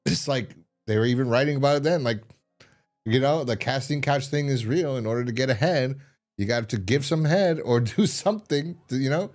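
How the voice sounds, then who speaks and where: Animated man retelling a TV episode. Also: mid-range voice, brisk. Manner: animated storytelling, laughing and mimicking characters. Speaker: podcast co-host reviewing a TV episode. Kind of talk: casual chat.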